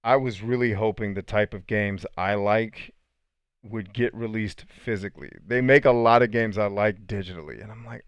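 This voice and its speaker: Laid-back man with a low, smooth voice. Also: normal speed, no room sound. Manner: laid-back, slangy, laughs often. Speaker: podcast host reading live chat. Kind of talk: casual live-stream chat.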